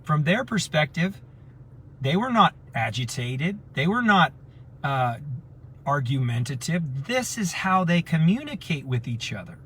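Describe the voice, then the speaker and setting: A man's voice: on the high side, unhurried, slight background noise. A man talking casually to his community group, telling stories and acting out the voices of people he quotes. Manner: animated storyteller, acts out quoted voices. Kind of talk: casual storytelling talk.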